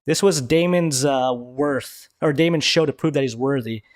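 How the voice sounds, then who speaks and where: A man hosting a live review stream, talking excitedly in casual commentary and swearing freely. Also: mid-range voice, moderate pace, dry recording, clean studio sound.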